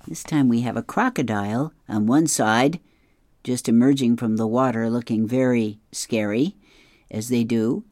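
A reader walks through comic strips panel by panel, adding chatty asides and chuckles. The pace is slow and unhurried. The voice is dry and close, with no room sound. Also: medium pitch, darkish tone, no echo. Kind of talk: reading comics aloud.

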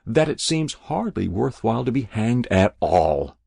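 A man voicing a captured spy who reasons calmly about death in an audiobook reading. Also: mid-range voice, creaky, breathy edge, no echo, clean studio sound, full character voice. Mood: calm, reasoning. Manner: measured, reasoning, then pleading. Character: calm, philosophical male captured spy.

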